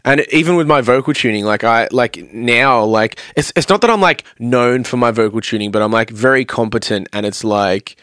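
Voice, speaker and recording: A man's voice: mid-range voice, moderate pace, hardly any pauses, fairly bright tone, clean tone, no echo. A man chatting casually on a podcast, rambling through studio stories with a lot of "like" and acted-out quotes. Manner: rambling storyteller, heavy use of "like", acts out quotes. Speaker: podcast guest, vocalist and producer. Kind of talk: casual chat.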